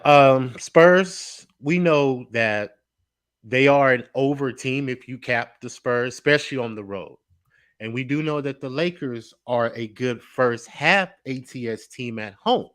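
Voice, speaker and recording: Male guest handicapper with an ordinary-pitched voice and a dry, close sound; steady, methodical reading of betting trends. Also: no echo. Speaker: guest sports bettor. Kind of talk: casual sports betting talk.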